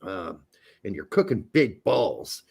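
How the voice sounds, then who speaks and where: A man's voice: low voice, sing-song, takes it slowly, vocal fry, darkish tone, husky. A man co-hosting a casual podcast, joking and swearing while drinking beer and talking cooking. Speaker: podcast co-host.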